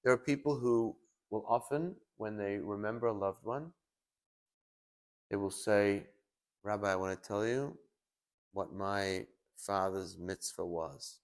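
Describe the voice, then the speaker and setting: Male rabbi, sermon delivery, animated storyteller who acts out the voices he quotes. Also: on the low side, unhurried, long pauses.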